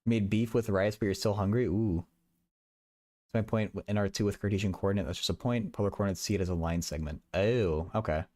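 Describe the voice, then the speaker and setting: A man's voice: on the low side, fairly even intonation, a little fast, mellow. A young man livestreaming while he does math homework, chatting casually and often stammering and repeating words.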